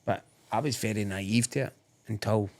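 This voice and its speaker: Scottish guy cohosting a podcast, gravelly, earnest and reflective. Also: on the low side, steady tone, moderate pace, darkish tone. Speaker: podcast co-host. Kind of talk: casual chat. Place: podcast studio.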